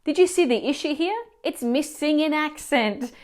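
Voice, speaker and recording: A woman teacher explaining grammar mistakes in clear, instructive scripted narration, asking the viewer questions. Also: high voice, normal speed. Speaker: language teacher.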